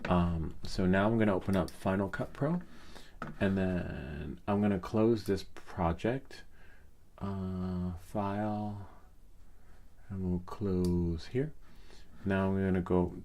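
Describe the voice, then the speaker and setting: A middle-aged man with a very low voice walks through a software tutorial in a loose, unscripted way. He rambles, wanders off into asides and fills the gaps with ums and uhs. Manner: rambling, chatty, with many fillers and asides. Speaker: tech tutorial host. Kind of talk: casual screen-recorded tutorial.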